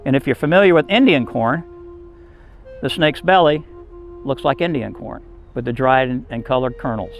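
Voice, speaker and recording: A man storyteller telling a folk tale to children in an animated, emphatic way. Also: medium pitch, moderate pace, gravelly, long pauses, soft background music.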